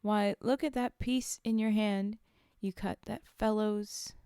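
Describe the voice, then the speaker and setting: A woman reading the lines of a gruff, bitter old father who scolds his daughter. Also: medium pitch, steady tone, takes it slowly, mellow, no room sound, studio quality. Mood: grumbling. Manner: grumbling, scolding.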